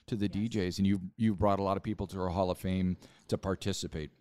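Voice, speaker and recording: A man's voice: sits low, fairly even intonation, fast, dark tone, clear, resonant tone, dry recording. A man who founded a museum, telling stories in a casual interview, recorded at the museum. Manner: chatty storyteller. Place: rock museum.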